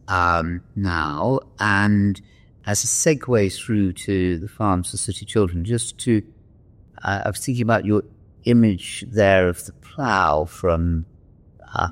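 Male interviewer, very deep, slow and hesitant. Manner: hesitant, with many fillers. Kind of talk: interview questions.

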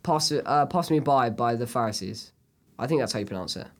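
A man's voice: mid-range voice, expressive, fast. A man co-hosting a casual film review chat, enthusiastic and rambling with lots of fillers. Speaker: podcast co-host.

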